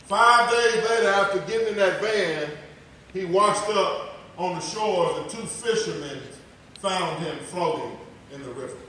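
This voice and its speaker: An unhurried middle-aged man from Texas, fairly high-voiced, recounts his story as a motivational speaker, moving between loud and hushed delivery. His testimony rings through a big echoey room, recorded some way off the mic with a faint hiss underneath.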